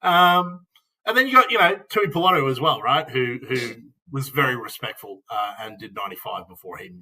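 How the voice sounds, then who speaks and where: A man's voice: mid-range voice, lively intonation, a little fast, sharp tone, poor audio. An Australian man co-hosting a casual sports chat, chatty and laughing often. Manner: chatty, laughs often, lots of fillers like "look" and "mate". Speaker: podcast co-host.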